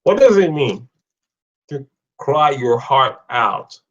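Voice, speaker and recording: The sound is lo-fi, and the speaker is a young man with a medium-pitched voice who is very animated yet slow. He teaches English idioms in a live online session, reading out what viewers write and joking with them casually.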